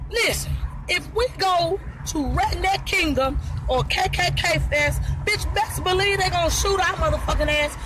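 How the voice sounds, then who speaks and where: Furious high-voiced woman ranting. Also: noisy background. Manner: heated, repetitive, swearing, exasperated. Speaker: livestreamer ranting in her car. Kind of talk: angry profane rant. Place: inside a parked car outdoors.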